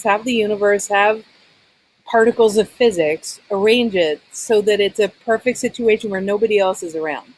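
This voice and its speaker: A woman's voice: medium pitch, poor audio. A woman talk-show coach, earnestly guiding a caller and acting out example lines. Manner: earnest, role-plays apologies to demonstrate. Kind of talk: coaching conversation.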